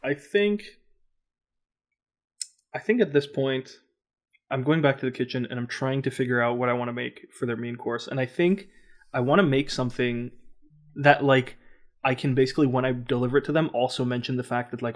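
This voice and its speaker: A man's voice: medium pitch, normal speed, pauses often. A man playing a tabletop role-playing game, describing his moves in a rambling way. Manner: rambling, filler-heavy. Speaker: player.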